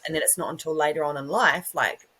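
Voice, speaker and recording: A woman's voice: sits low, steady tone, fast talker, sharp tone, breathy edge, poor audio. A woman in her thirties hosting a podcast interview, chatty and affirming as she reflects. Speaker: podcast host. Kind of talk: casual interview chat.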